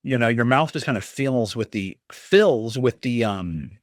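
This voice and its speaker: Animated rambling man tasting whiskey. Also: medium pitch, a little slow, no echo, clean studio sound. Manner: rambling, animated, with chuckles and fillers. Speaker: podcast host. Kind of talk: casual whiskey tasting talk.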